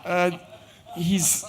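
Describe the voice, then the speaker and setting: A middle-aged man, a company founder, telling a story on stage with animated quoted dialogue. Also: high voice, background noise. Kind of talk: conference storytelling talk. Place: event stage.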